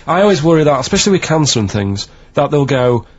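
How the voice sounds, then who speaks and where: A man who is a regular on a comic radio show, earnest and deadpan as he explains his worries. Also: a little high, fast, husky. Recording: dull studio sound with faint hiss.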